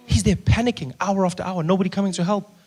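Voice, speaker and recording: A man's voice: sits high, fast, slightly rough. A man with a South African accent doing stand-up comedy on stage, telling stories and acting out voices. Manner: animated, acts out voices.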